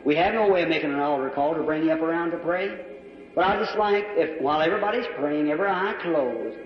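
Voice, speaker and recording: A man's voice: on the high side, quick pace. A man preaching an altar call in a large church, pleading fervently and repeating his appeals. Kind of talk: sermon altar call and prayer. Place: large church with balcony and box seats. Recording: old lo-fi hall recording from far off, faint music.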